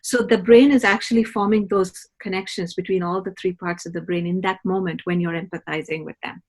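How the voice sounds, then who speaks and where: A woman's voice: lowish voice, steady tone, a little fast. A middle-aged woman, a parenting educator, explaining patiently in a podcast conversation and often checking in with "right?". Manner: patient teaching tone, often ends points with a questioning "right?".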